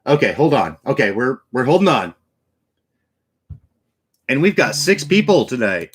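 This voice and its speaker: A man's voice: medium pitch, very animated, unhurried, slight background noise. A man hosting a livestream in casual chat, loose and talkative with frequent restarts. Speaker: livestream host.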